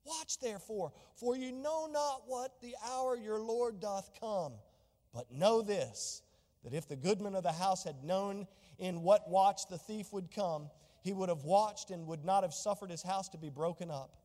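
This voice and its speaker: A man's voice: high-pitched, a little mellow, big-room sound. A male pastor preaching a sermon to a congregation, reading scripture aloud and putting questions to the people in the pews. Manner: preaching, reads scripture in old wording, asks the congregation questions. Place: church.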